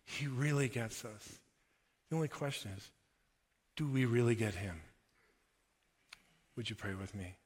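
A man preaching a sermon, telling a story with lively delivery and leading a prayer. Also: medium pitch, measured pace, long pauses, in a large hall. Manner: animated storyteller, then hushed prayer. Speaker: pastor.

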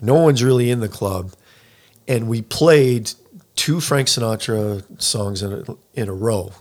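A man in his fifties, a professional pianist, chatting casually and telling a lively anecdote. He acts out other people's lines and says "like" a lot. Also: fairly low pitch, measured pace. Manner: animated storyteller who acts out other people's lines, heavy use of "like". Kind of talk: casual conversation, storytelling.

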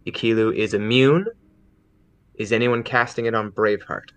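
A man narrating a tabletop game as game master, telling the story in a relaxed way with many fillers. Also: fairly low pitch, normal speed, clear, resonant tone.

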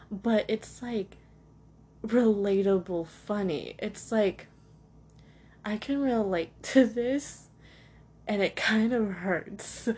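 A young woman hosts her own podcast from home, sitting next to a cat and chatting solo in a rambling, self-deprecating way with lots of fillers. Her voice is mid-range and a little mellow, with a breathy edge.

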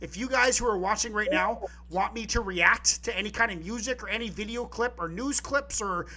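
A man co-hosting a live poetry podcast, chatting casually and excitedly, rambling with restarts and the odd curse. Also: high-pitched, brisk. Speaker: podcast co-host.

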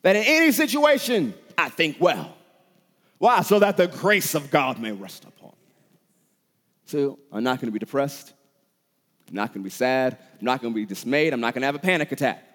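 A man preaching a sermon as pastor, with impassioned delivery that builds to shouted peaks. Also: mid-range voice, lively intonation, fairly quick, big-room sound.

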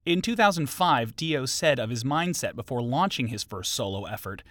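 A man's voice: mid-range voice, expressive, normal speed, few pauses, a bit bright, no echo. A man hosting a music history podcast, narrating from a script with a wry, joke-filled delivery. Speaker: podcast host.

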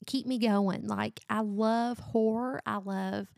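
A woman's voice: mid-range voice, steady tone, slow pace, gravelly, a little mellow, no room sound, studio quality. A middle-aged woman hosting a book review podcast, chatting casually and gushing about the books she loves. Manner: gushing, enthusiastic.

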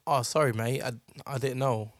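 A young man, co-hosting a podcast, telling an animated story and acting out the people in it. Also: mid-range voice, moderate pace, no echo, clean studio sound. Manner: animated storyteller, acts out voices and laughs. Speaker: podcast co-host. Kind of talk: casual chat.

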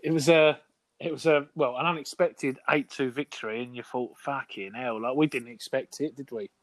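A man's voice: mid-range voice, steady tone, fairly quick, no room sound. A man, co-hosting a podcast, teasing a friend in cheeky casual banter. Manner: cheeky, teasing, laughs along. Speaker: podcast co-host.

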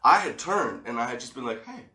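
A man tells a personal story to his viewers in casual, swearing, animated talk. His voice has a bright edge. The sound rings off the walls of an echoey room. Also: mid-range voice, brisk. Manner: profane, animated, laughs often, talks straight to the viewer. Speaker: vlogger.

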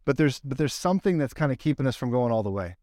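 A man preaching a casual, conversational sermon, telling the story with lively acted-out quotes. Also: mid-range voice, fast, dry recording, studio quality. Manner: animated storyteller, acts out quoted lines. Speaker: pastor.

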